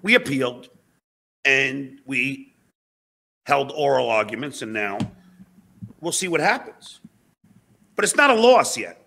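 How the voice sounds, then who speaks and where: A man's voice: mid-range voice, lively intonation, a little slow, creaky, pauses often, bright, forceful tone, slight background noise. A man in a recorded clip, speaking hesitantly and evasively, hedging as he goes. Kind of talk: recorded video clip played on a show.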